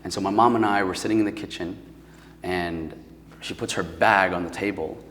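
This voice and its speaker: He's a podcast guest from Paterson, New Jersey, sharing a personal story with plenty of "like" and "um" in a casual, emotional manner. His voice is low and fairly bright, with fairly even intonation and a moderate pace, captured in a large hall with slight background noise.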